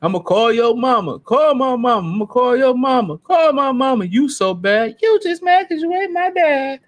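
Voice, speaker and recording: A man's voice: very high voice, expressive, normal speed, pitched above the performer's own voice. A man doing a taunting, mocking impression of a male athlete, repeating lines in a singsong way.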